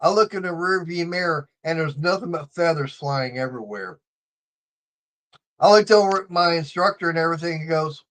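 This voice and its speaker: A man's voice: a little high, expressive, moderate pace, fairly bright tone. A man hosting a casual livestream chat, telling rambling stories and acting out what people said. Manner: rambling storyteller, acts out quotes. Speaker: livestream host.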